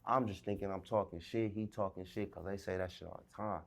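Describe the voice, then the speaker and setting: A man from South Central Los tells a story in a fairly low voice. He talks with swagger and heavy profanity, and he acts out both sides of each argument. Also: fairly even intonation, brisk, vocal fry. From South Central Los Angeles. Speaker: interviewee. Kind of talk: recounting a street story.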